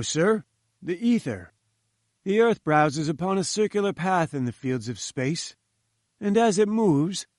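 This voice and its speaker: A man's voice: fairly high pitch, no echo, studio quality, close to an everyday voice. A man reading the lines of a pompous, condescending male professor who lectures in a lofty, patronizing manner. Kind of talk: audiobook character voice.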